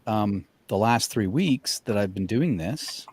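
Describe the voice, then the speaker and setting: A man's voice: fairly low pitch, expressive, unhurried, darkish tone, slightly rough, no room sound. A man chatting as a guest, speaking thoughtfully and often restarting his sentences. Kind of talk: casual chat.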